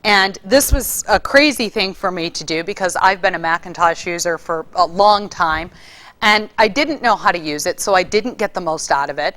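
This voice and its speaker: A woman giving a casual spoken lesson on public speaking, showing different ways to deliver lines with lively shifts in emphasis. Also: fairly low pitch, normal speed. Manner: lively, demonstrates vocal delivery with varied emphasis.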